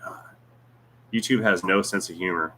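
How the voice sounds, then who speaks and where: A man's voice: low-pitched, normal speed, sharp tone, slight background noise. A man hosting a casual livestream Q&A, reading viewer comments aloud with jokes, teasing and rambling asides. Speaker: YouTube channel host.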